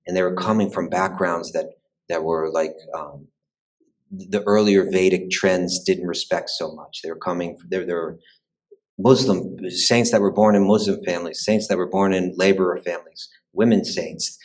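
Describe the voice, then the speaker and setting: A man's voice: low voice, fairly even intonation, normal speed, poor audio. A man giving a conversational lecture on the history of spirituality, talking thoughtfully with frequent restarts and repeated words. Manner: conversational, frequent "you know" and "right". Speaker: spiritual teacher.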